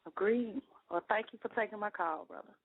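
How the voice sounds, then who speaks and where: Woman caller, halting delivery, dry tinny phone sound. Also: mid-range voice, slightly rough, dry recording. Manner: halting, restarts her words. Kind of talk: call-in phone conversation.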